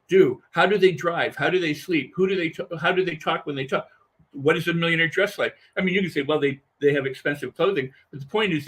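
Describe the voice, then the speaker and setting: A man speaking as an interview guest, animated and emphatic, often repeating phrases for effect. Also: on the high side, slightly rough. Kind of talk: conversational podcast interview.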